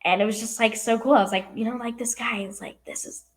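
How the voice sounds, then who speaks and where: This young woman, an actress from California appearing as a guest, speaks quickly in a slightly high voice with fairly even intonation. She answers the interview questions casually, with plenty of youthful "like" and "um" fillers.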